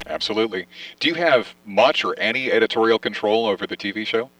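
A man's voice: on the low side, quick pace, fairly bright tone. A man interviewing an author, asking friendly questions. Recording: distant, dry mic sound.

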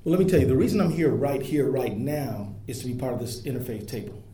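Emphatic male speaker, warm tone, roomy echo with faint noise. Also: medium pitch, fast. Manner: earnest, emphatic speech. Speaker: speaker at an interfaith event. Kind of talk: public speech. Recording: echoey room with faint noise.

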